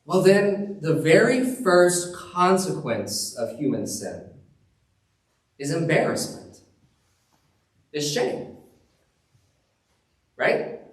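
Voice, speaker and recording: Pastor preaching in an echoing church. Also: male voice, on the high side, lively intonation, drawn-out words, pauses often. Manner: conversational storytelling with chuckles. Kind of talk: sermon. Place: church sanctuary. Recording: roomy church sound from a distance.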